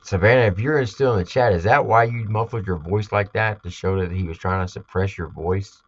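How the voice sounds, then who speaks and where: A man's voice: fairly low pitch, a little fast, lo-fi sound. A man hosting a live album reaction, talking casually and emphatically and repeating his points.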